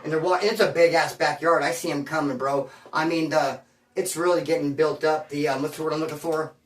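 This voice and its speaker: A man telling a story from his past in casual, slangy street talk, rambling and animated and calling the listener homeboy. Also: a little high, fairly quick, slight background noise. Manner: rambling and animated, with sound effects. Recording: roomy sound from a distance.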